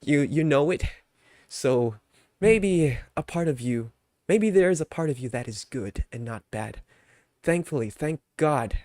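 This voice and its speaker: A young male streamer talks casually to his chat, breaking into playful fake rants and quick laughing apologies. His voice sits a little high for a man. The sound is close and dry. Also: expressive, darkish tone, no echo. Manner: mock-angry outbursts then laughing apologies to chat.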